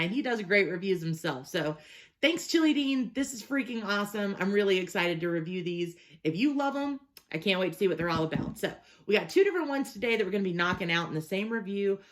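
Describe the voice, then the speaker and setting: Brief: upbeat young woman, casual product reviewer, mid-pitched and chatty. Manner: chatty and enthusiastic, reads labels aloud. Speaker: hot sauce reviewer.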